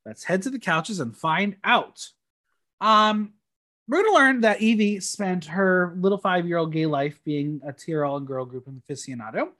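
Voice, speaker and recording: A podcast host recapping a TV episode in a playful, animated way, with a casual chat feel. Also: mid-range voice, normal speed.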